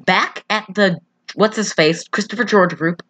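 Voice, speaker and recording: Chatty bright-voiced woman recapping a movie. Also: medium pitch, measured pace. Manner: chatty, jokey, lots of "like" and restarts. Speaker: podcast co-host. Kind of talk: casual movie recap chat.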